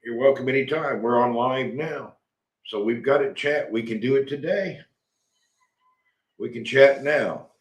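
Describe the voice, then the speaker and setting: A middle-aged man from Tennessee, hosting a rambling, animated live chat and reading out viewer comments. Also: medium pitch, unhurried, long pauses, echoey room. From Tennessee, USA. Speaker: livestream host.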